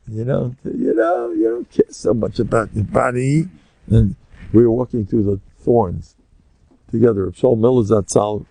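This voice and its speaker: Older American rabbi, gravelly lively storytelling. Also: male voice, on the low side, no echo. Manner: animated storyteller who acts out scenes. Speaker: rabbi giving a lecture. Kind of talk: Torah lecture with storytelling. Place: lecture room with listeners.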